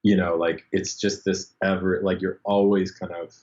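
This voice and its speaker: A man, a bass player, telling stories as a podcast guest, animated and full of fillers, acting out the people he quotes. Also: moderate pace. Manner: animated, acts out quoted voices, many fillers. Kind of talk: casual storytelling interview. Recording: dull lo-fi sound.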